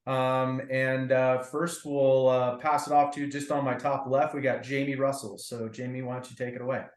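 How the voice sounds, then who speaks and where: A man leading a group discussion on a video call, his voice bouncing around an echoey room. He talks in a reflective, casual way, stumbling over fillers as he thinks aloud. His pitch sits in an ordinary middle range. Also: level tone, normal speed. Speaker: breakout group facilitator. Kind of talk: casual meeting talk.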